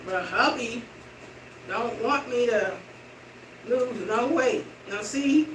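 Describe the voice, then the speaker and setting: A middle-aged woman chats casually to her viewers, taking slow steps while she exercises indoors. Her voice sits away from the camera in a roomy space, with clear background noise all around. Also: a little high. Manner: chatty, slow walking while talking. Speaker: vlogger. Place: indoor room with hardwood floor. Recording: roomy, distant and noisy room sound.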